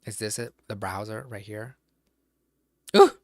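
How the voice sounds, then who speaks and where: A man's voice: fairly low pitch, animated, measured pace, dry recording. A man streaming from home who chats casually, rambles to himself, and swears freely. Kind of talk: casual live-stream chat.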